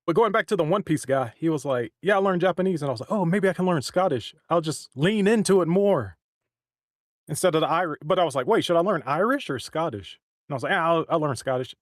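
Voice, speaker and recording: A voice actor and stream co-host chats casually on a livestream, his fairly high voice animated and quick. He rambles and keeps restarting sentences, and the studio-quality recording has no echo.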